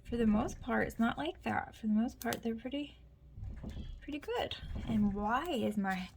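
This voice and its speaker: A woman's voice: on the high side, darkish tone, slight background noise. Chatty woman telling a story. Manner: chatty storytelling, rambling with asides and mutters to herself. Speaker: planner vlogger. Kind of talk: casual chat while planning. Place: home.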